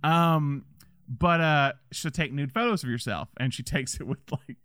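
Man with a smooth, dry voice. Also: a little high, normal speed, a bit bright, no echo. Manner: rambling, many restarts and fillers, laughs often. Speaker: podcast co-host. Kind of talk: casual movie chat.

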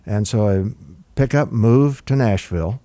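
An older man speaks low and warm, drifting through anecdotes with plenty of ums and restarts. The sound is close and dry, with no room around it. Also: a little slow, no room sound. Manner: relaxed, rambling with fillers and restarts. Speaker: record producer guest. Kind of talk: conversational interview storytelling.

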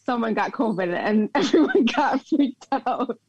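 An easygoing co-host recalls things with friends in a casual chat and quickly agrees with them. The pitch swings widely. Loud crowd chatter sits behind the voice. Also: expressive, lo-fi sound.

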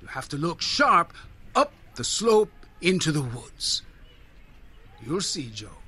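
A man's voice: fairly high pitch, big pitch swings, slow pace, pushed and bright, slightly rough, voice pushed up, heavily acted. A man voicing a teasing village carpenter who calls out in a taunting way in a storybook reading.

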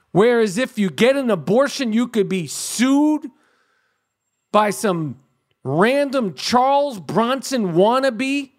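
A middle-aged man hosting a podcast, delivering a profane, animated comedic rant full of swearing. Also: very high voice. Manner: animated, crude, rapid-fire ranting with swearing. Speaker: podcast host.

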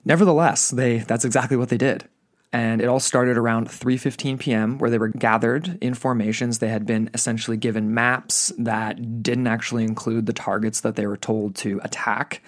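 A man's voice: medium pitch, fairly even intonation, normal speed. A young adult man co-hosting a casual history podcast, laid-back and full of "like" and "you know", given to exclamations. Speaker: podcast co-host.

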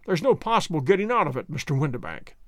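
A man reading an audiobook, voicing a calm, confident male detective who speaks in a measured, suave, lecturing way. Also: on the high side, dry recording, studio quality.

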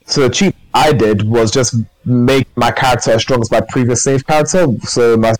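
A man's voice: medium pitch, normal speed, dry recording, rough recording. A man co-hosting a podcast, chatting casually and enthusiastically in a rambling way. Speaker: podcast co-host. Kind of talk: casual chat.

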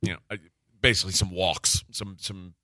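A man hosting a sports radio show, telling a story in casual chat, animated and acting out the quotes with frequent laughs. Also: low voice, moderate pace, no echo, clean studio sound. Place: radio studio.

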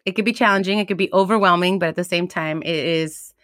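Low-voiced woman, slow and thoughtful. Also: steady tone, fairly bright tone, dry recording, clean studio sound. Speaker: podcast co-host. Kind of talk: casual reflective chat.

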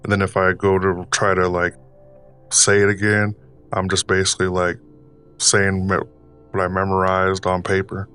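A man's voice: low-pitched, completely flat delivery, moderate pace, fairly bright tone, clear, resonant tone, faint music behind. A man putting on a drawling Southern accent as a folksy old grandpa character, rambling casually with lots of fillers. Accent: put-on Southern US. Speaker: podcast host.

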